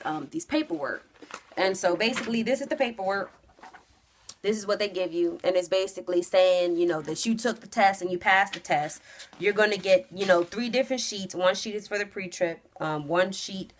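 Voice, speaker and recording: A young woman vlogging to camera, telling a story in a casual, animated way that jumps into loud, high re-enactments and drops to hushed asides. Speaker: trucking vlogger.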